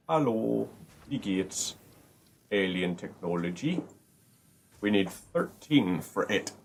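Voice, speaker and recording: A man's voice: deep voice, vocal fry. A man hosting a gaming video, chatting casually and rambling through upbeat asides while he plays. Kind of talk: casual gameplay commentary.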